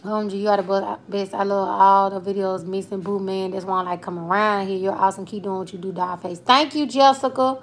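Speaking briskly with hardly any pauses, this twenty-something livestream host and comedian answers her viewers' comments in a loose, playful way. She has a Southern Alabama accent, drops in Southern slang, and keeps a steady, medium-pitched tone over slight background noise.

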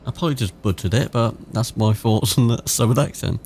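A man's voice: mid-range voice, fairly quick, darkish tone, slight background noise. A man with a British accent giving casual, chatty let's-play commentary, swearing freely and reading game text aloud. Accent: British English. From England. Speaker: gaming YouTuber.

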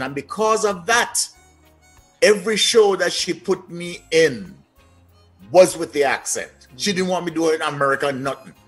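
A man from Jamaica with a Jamaican accent, a guest telling lively stories in a casual interview. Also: a little high, unhurried, husky, faint music behind. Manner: lively, anecdotal, trailing-off phrases.

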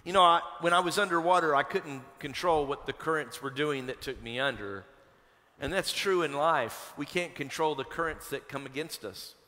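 Preaching to his congregation, a pastor born in Kentucky drifts from prayer into a personal story, starting conversationally and growing animated. His slightly high voice is bright and forceful, with the long reverb of a church sanctuary around it.

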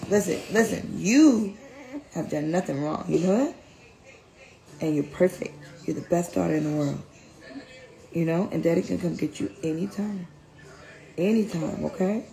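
A woman speaking as a mother, softly coaxing and reassuring her daughter in a home video. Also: lowish voice, moderate pace, gravelly, long pauses, reverberant, low-quality recording. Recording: background music.

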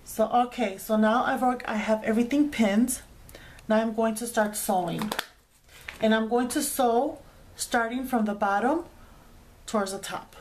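A woman's voice: a little high, a little slow, darkish tone, a little hiss or hum. A woman hosting a craft tutorial, chatting casually as she explains each sewing step with frequent fillers.

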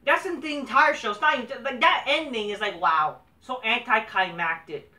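A man tears into a wrestling show in a scornful, swear-filled rant. His voice has a sharp, forceful brightness and sits back from the mic in an echoey room. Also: extremely high pitch, normal speed. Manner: profane, scornful ranting. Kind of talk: ranting show review. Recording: roomy echo, distant mic.

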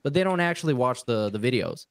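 A man co-hosting a podcast in an animated, jokey, casual chat. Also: mid-range voice, fast talker, no echo. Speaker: podcast co-host.

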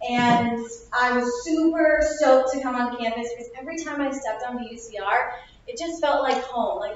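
A woman's voice: sits high, slight background noise. A woman in her twenties gives a chatty, upbeat, self-mocking motivational speech in a classroom. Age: 20s. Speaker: opening speaker. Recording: echoey lo-fi room recording from far off.

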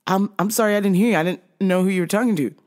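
A woman voicing a sweet, timid female cashier who stammers and speaks softly. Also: mid-range voice, racing, lightly acted. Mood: flustered. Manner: hesitant, soft, stammering.

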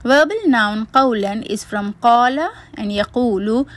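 A woman's voice: on the high side, measured pace. A woman teacher reading a word-by-word grammar lesson, methodically spelling out root letters and terms.

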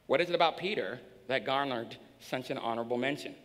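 A male pastor preaching a sermon in a church, swinging between hushed and shouting. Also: mid-range voice, quick pace. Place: church sanctuary. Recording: long hall reverb.

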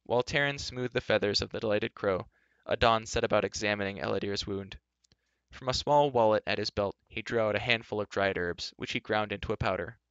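Male reader, lowish and bright, steady storytelling, dry and dull lo-fi recording. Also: a little fast, clean tone, no echo. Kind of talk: reading a novel aloud.

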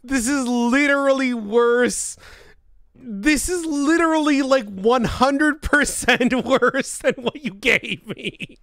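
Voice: sits high, takes it slowly, a bit bright, no room sound. Casual live-streamer: exasperated and foul-mouthed, laughs a lot, dry close recording. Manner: exasperated grumbling with frequent laughter; cursing. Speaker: livestreamer.

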